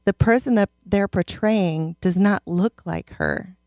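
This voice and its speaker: A woman's voice: medium pitch, unhurried, darkish tone, no echo, clean studio sound. A woman chatting thoughtfully about a TV show as co-host, laughing easily. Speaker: podcast co-host. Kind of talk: casual chat about a TV show.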